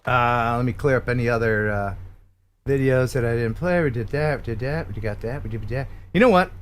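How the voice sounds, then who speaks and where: A man's voice: mid-range voice, moderate pace, a little hiss or hum. A man hosting a casual live-stream chat, joking and playful as he talks. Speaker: host of a live show.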